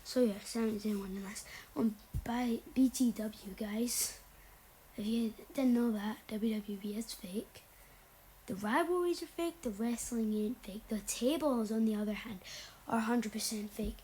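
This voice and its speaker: A woman's voice: a little high, unhurried, warm tone, slight background noise, poor audio. Young woman whispering wrestling picks. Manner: often drops to a whisper, rambling and blunt. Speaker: wrestling predictions vlogger. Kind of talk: casual chat.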